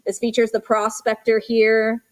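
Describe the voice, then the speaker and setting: A woman runs a live auction stream, her voice sitting a little high. She rattles off bid increments in quick repeated calls, then eases into slower descriptions of each piece. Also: monotone. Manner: rapid repetitive bid calls mixed with slower item descriptions. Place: auction studio for a livestream.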